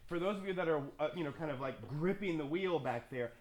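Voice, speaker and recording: A man conducting a youth orchestra rehearsal, counting beats, singing parts and giving brisk, joking instructions. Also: on the high side. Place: concert stage with orchestra. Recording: roomy stage, orchestra nearby.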